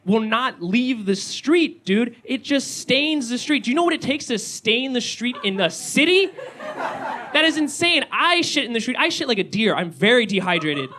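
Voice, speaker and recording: High, bright-voiced excitable male comic. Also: normal speed, a little hiss or hum. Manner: excitable, rising to yells. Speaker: stand-up comedian. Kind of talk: stand-up comedy set. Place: small comedy venue with live audience.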